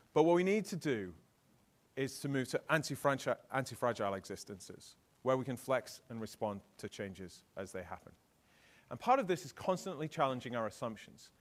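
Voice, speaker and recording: A middle-aged British man speaks at a conference keynote with an animated, swooping delivery. He keeps turning to the audience with questions, and his voice sits at an ordinary middle pitch. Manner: lively, asks the audience questions.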